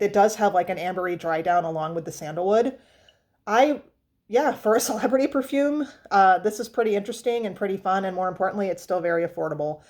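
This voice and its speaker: A woman's voice: mid-range voice, a little mellow. A woman vlogger chatting casually about perfumes, rambling with fillers and restarts. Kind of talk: casual chat.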